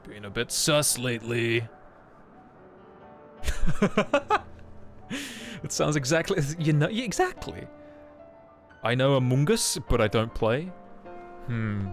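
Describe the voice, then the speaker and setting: A man's voice: mid-range voice, big pitch swings, takes it slowly, pauses often. A young adult man streaming a game, chatting casually in a rambling, self-mocking way full of joking asides. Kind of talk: casual live-stream chat. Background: faint game music.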